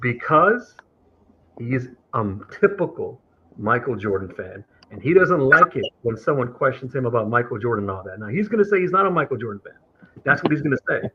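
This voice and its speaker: Very animated and fairly quick, a man calls into a streamed talk show and argues heatedly, lecturing with resentment and mimicking others in a higher voice. The dull lo-fi audio has a little hiss or hum.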